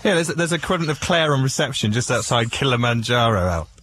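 A man's voice: mid-range voice, expressive, quick pace, pushed and bright, breathy edge. A male radio co-host making teasing jokes in casual banter. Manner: teasing, joking asides.

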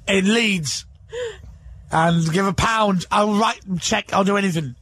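A male radio host, doing comic, self-mocking banter and loud protests. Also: sits high, takes it slowly.

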